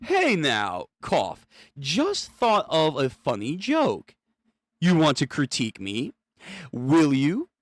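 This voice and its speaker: A man's voice: high voice, fairly bright tone, no room sound, exaggerated voice. A man voicing an eccentric male villain from a comic who clowns around and drags out mock sobs, in a dry, close recording. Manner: playful, exaggerated mock sobbing. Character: eccentric male villain, joking and fake-crying. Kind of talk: reading comic dialogue aloud.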